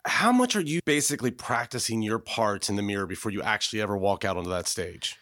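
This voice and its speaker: A man's voice: fairly low pitch, expressive, quick pace, a bit bright, no echo, studio quality. A man hosting a casual interview, eagerly asking his guest follow-up questions. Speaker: interview host.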